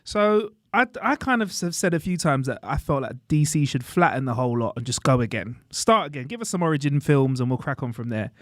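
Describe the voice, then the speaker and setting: A man co-hosting a casual podcast chat, lively and chatty, dropping British slang like mate and bruv. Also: medium pitch, a little fast, hardly any pauses, dry recording, studio quality. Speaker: podcast co-host. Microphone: studio podcast mic.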